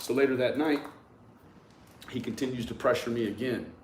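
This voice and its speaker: A man telling a personal story to his viewers in a casual, profane, animated way, often restarting his sentences. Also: medium pitch, moderate pace. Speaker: YouTube commentator.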